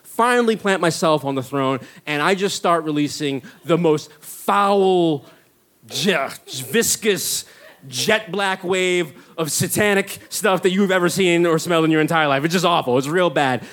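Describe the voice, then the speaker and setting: A man, telling a rambling comic story full of likes and uhs. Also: fairly high pitch. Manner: rambling, many likes and uhs, animated when excited. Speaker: stand-up comedian and storyteller. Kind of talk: storytelling monologue.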